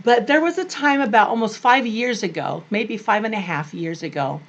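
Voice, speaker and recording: An older woman vlogging about being a grandmother, telling family stories in a gushing, animated way. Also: medium pitch, moderate pace, dull audio. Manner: animated, gushing, acts out quoted family voices. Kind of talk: personal storytelling to camera.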